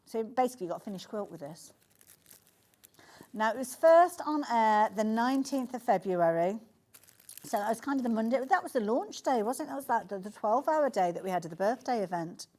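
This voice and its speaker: A woman with a slightly high voice hosts a live shopping channel show from a TV studio. She talks in a chatty, gushing sales patter. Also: sing-song, fairly quick, a little mellow.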